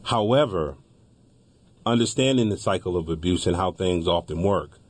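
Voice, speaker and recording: A man co-hosting a talk show, speaking in a halting way and repeating words as he thinks. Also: sits low, animated, husky. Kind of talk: casual discussion.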